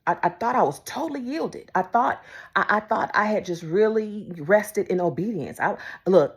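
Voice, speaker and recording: A woman preaching a devotional sermon, emphatic and repetitive, moving between loud declarations and hushed whispers. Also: medium pitch, animated, normal speed. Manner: repeats phrases for emphasis.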